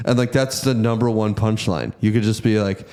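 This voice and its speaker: A man's voice: lowish voice, steady tone, moderate pace, a little mellow. A man on a comedy podcast, telling rambling stories full of acted-out quotes in casual chat.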